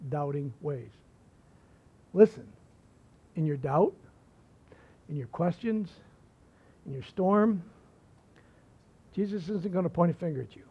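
A pastor preaching a sermon, swinging between forceful emphasis and hushed, soft lines. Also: male voice, fairly high pitch, breathy edge, lo-fi sound.

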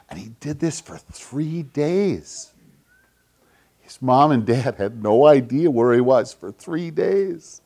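A man giving a children's sermon as pastor, in a gentle, conversational way, often clearing his throat. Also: mid-range voice.

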